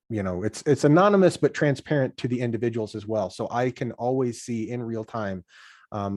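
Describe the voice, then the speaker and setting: A man being interviewed as a podcast guest, chatting in an animated way and acting out workplace conversations. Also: fairly low pitch, no echo, clean studio sound. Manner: animated, acts out workplace dialogue. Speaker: podcast guest, software founder.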